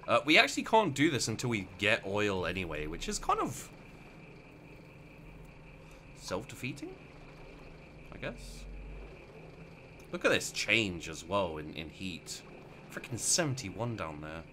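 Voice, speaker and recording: A man's voice: fairly low pitch, wildly swooping pitch, a little slow, pauses often, pushed and bright, a little hiss or hum. A man casually commentating his gameplay, rambling and mocking himself as he plays. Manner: rambling, self-mocking, talks to himself while playing. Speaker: let's play gamer.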